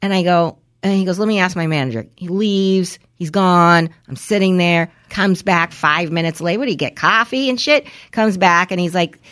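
A woman co-hosting a podcast, telling a story in casual chat, acting out the quoted exchanges with lively shifts and swearing freely. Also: fairly low pitch, moderate pace, hardly any pauses. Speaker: podcast co-host.

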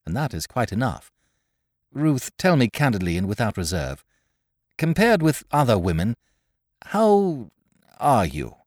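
A man voicing a naive young gentleman of twenty-one, formal, precise and stiffly polite. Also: medium pitch, very animated, measured pace, long pauses, dry recording, studio quality, pitched below the performer's own voice. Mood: earnest.

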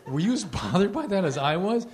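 Earnest, slightly high-voiced podcast host. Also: male voice, big pitch swings, brisk. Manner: earnest, emphatic, speaks with authority. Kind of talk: live podcast conversation. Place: live venue before an audience.

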